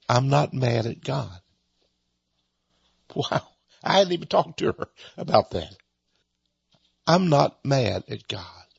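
A man's voice: medium pitch, vocal fry, fairly bright tone, husky, dry recording, highs cut off. An older man giving an informal spoken sermon, earnest and heartfelt, often repeating and restarting his words. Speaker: preacher.

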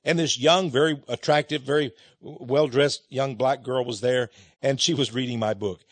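A man's voice: medium pitch, fairly even intonation, moderate pace, no echo. A man preaching a sermon in a folksy, chuckling way, telling a personal story and calling his listeners his friends.

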